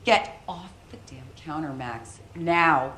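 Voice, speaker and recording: A woman's voice: deep voice, takes it slowly, a bit bright. An actress playing an exasperated mother who scolds her young son, stern and pleading by turns. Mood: pleading scolding. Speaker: mother in a film scene. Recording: roomy film audio, noisy.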